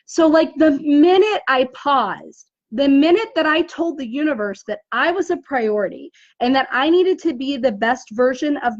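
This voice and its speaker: Woman coach w a high voice, motivational live stream talk, lots of "right?", kinda dull lo-fi sound. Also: dry recording. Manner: rhetorical questions, frequent "right?". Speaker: business coach. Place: indoors, dim room.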